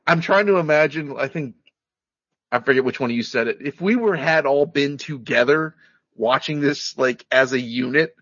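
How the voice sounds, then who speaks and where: A man's voice: mid-range voice, normal speed, a bit bright, no echo. A man co-hosting a casual movie review chat, rambling and jokey, with lots of "like" fillers. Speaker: podcast co-host. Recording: dull lo-fi sound, dry.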